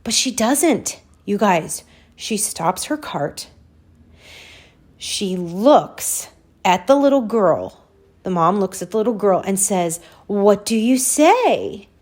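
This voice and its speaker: A woman's voice: medium pitch, slow pace. A woman in her forties hosting a podcast, animatedly telling a personal story to listeners and acting out her own reactions. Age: 40s. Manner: animated, addresses listeners as "you guys", acts out her reactions. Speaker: podcast host.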